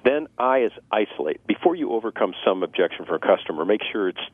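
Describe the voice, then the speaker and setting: Male sales trainer guest, quick and animated, acts out customer voices, somewhat low voice, tinny phone-line radio sound. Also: husky, no echo. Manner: lively, acts out customer dialogue, laughs at own jokes. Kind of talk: radio talk giving sales tips.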